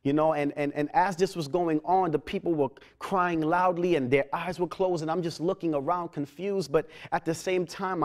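Earnest man with stammering restarts. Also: a little high. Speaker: testimony speaker. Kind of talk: personal testimony.

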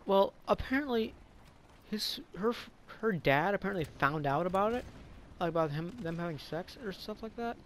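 A man spins a casual story in a slightly high voice, leaning hard on fillers and the odd curse word. He trips over his words and restarts a lot, rambling along without much polish. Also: expressive, moderate pace, a little hiss or hum. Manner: rambling, filler-heavy, profane; stumbles and restarts often. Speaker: vlogger.

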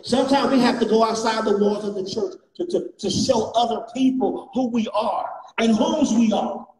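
A man preaching a fervent sermon as a guest bishop, repeating refrains and rising to shouts. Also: high-pitched, normal speed. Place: church sanctuary. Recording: echoey church, distant mic, faint noise.

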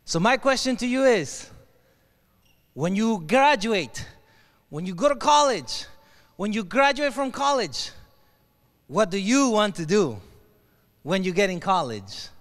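A man with a Mexican Spanish accent, telling an animated story in a keynote speech, asking the crowd questions and slipping into Spanish. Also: sits high, measured pace, pauses often. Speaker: motivational keynote speaker. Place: large hall with an audience. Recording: long hall reverb.

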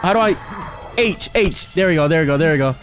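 A young man giving loud, excitable, trash-talking commentary while he plays a video game. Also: on the high side, quick pace, soft background music. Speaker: gaming video host. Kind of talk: excited let's-play commentary. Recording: game soundtrack playing behind.

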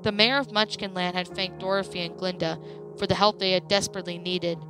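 A woman narrating a creepypasta story in a plain, steady reading voice. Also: lowish voice, fairly quick, music in the background.

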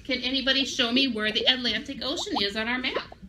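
A woman's voice: sits high, fairly even intonation, quick pace, pushed and bright, a little hiss or hum. A woman librarian giving a children's craft and story lesson, upbeat and speaking directly to young kids.

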